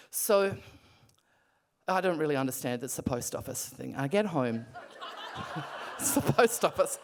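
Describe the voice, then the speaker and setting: A middle-aged Australian woman retelling a personal story in an animated, breathless way, full of restarts. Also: low-pitched, a little slow, vocal fry, pauses often. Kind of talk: casual spoken storytelling.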